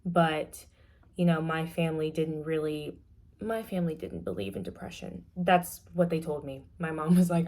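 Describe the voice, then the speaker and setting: A young woman giving a casual, candid class presentation, talking frankly with many fillers and often trailing off softly. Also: sits low, normal speed. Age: young adult. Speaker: student presenter.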